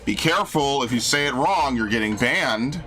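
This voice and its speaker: A man's voice: mid-range voice, lively intonation, moderate pace, bright, forceful tone. A man streaming a game, reading its dialogue aloud and ranting in crude, sarcastic jokes. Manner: crude, sarcastic, jokey rants. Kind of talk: casual gameplay commentary.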